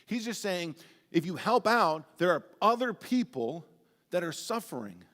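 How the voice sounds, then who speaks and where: A man preaching a sermon as pastor, telling animated, humorous stories with big swings in his voice. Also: high voice, a little slow. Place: church sanctuary. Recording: long church-hall reverb.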